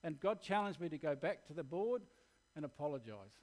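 A man's voice: on the high side, sing-song, a little fast, darkish tone. Earnest Australian man preaching. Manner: earnest, candid personal storytelling. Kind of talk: sermon.

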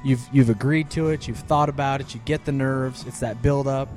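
A man's voice: medium pitch, steady tone, brisk, a little mellow, soft background music. A man being interviewed on a podcast, talking about fighting in an easygoing, modest way with dry humor. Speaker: guest, fighter. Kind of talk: casual interview.

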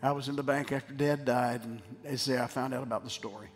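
A man's voice: medium pitch, fairly even intonation, fast talker. Emphatic middle-aged man preaching in hall. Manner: emphatic preaching, swinging from loud to quiet. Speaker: pastor. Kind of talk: sermon. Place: church sanctuary. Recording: long hall reverb with faint music.

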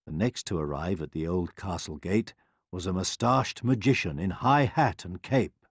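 A man reading a rhyming bedtime story aloud in a sing-song, expressive way. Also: low-pitched, normal speed, breathy edge, dry recording, clean studio sound. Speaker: narrator.

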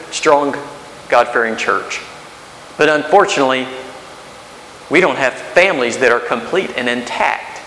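In an echoey hall with a faint hiss, a man in his thirties delivers a sermon as pastor. He keeps it conversational, with rhetorical questions and restarts, in a fairly high voice with a sharp tone.

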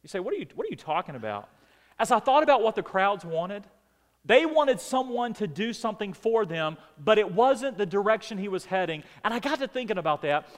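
High-voiced preacher in a reverberant hall. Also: male voice, animated, brisk. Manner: preaching with rising emphatic outbursts and dramatic drops. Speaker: pastor. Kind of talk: sermon. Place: church sanctuary.

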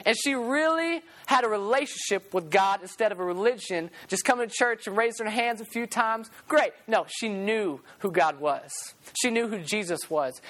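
Passionate young male preacher. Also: high-pitched. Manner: passionate, animated storytelling with acted-out quotes. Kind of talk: sermon.

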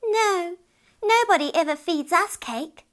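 A woman doing a squeaky chorus of grumbling fairies. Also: very animated, brisk. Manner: whiny, high and squeaky. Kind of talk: storybook reading.

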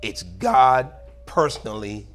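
A man's voice: fairly low pitch, lively intonation, slow, fairly bright tone, soft background music. A male pastor preaching a sermon in church, reading scripture aloud and asking for amens. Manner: preaching, calls for amen, reads scripture aloud.

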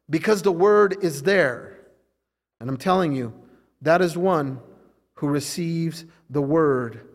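A man's voice: fairly high pitch, big-room sound. A man preaching a sermon as pastor to a church congregation, emphatic and repetitive, swelling and dropping in intensity. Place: church service.

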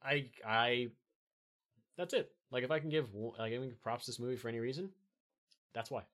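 A man's voice: medium pitch, brisk, fairly bright tone. A man hosting his own podcast, ranting about a movie in a rambling, profane way with lots of fillers. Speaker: podcast host reviewing a movie. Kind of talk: casual rant.

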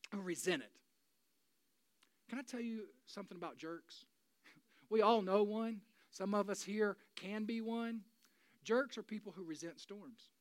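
A pastor in their forties giving a sermon, moving between loud, urgent preaching and quiet, confiding talk. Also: medium pitch, dry recording. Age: 40s. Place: church.

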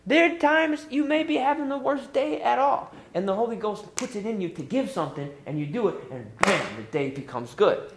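A middle-aged man preaching a sermon as pastor, lively and emphatic, pushing up into high exclamations. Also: brisk, hardly any pauses. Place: church sanctuary. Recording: echoey church room.

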